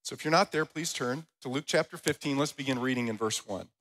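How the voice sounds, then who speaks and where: A man preaching a Sunday sermon as the church's pastor. He tells stories in a lively way and reads scripture aloud. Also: medium pitch, fast, rough recording. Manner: animated storytelling with loud, rising quoted voices.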